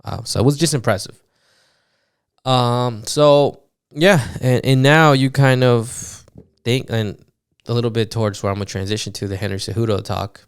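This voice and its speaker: A man recapping fights on his podcast in a loose, animated monologue, swearing often and full of fillers. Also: mid-range voice, normal speed, clean tone, no echo, clean studio sound. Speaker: podcast host.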